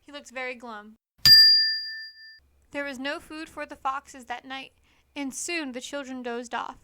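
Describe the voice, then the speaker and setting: A woman reading a children's storybook aloud in an expressive, lively manner. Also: high voice, a little slow, heavy background noise. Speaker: storybook reader.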